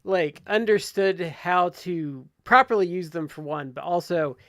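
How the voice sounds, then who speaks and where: A man's voice: sits high, unhurried, a bit bright, no room sound. A man co-hosting a casual wrestling podcast, chatty and filling his talk with "like". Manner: chatty, filler-heavy with "like". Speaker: podcast co-host.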